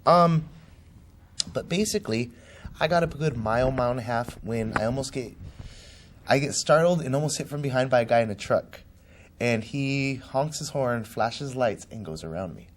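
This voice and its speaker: Slight background noise accompanies a man with a mid-range voice and lively intonation, speaking at a moderate pace. Interviewed as a candidate for office, he brings a personal story to life by acting out the voices of those involved.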